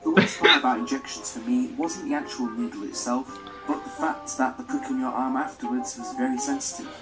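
A man narrating his own animated story video in a wry, self-mocking way, played from a video. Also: mid-range voice, fairly quick, poor audio. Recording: played from a video with music behind.

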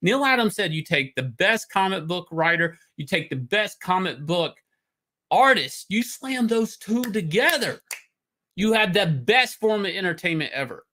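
Excitable swearing man ranting. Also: sits high, a little slow. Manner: loud, swearing, excitable, jumps from topic to topic. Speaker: comic artist and show host. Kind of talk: profane livestream rant.

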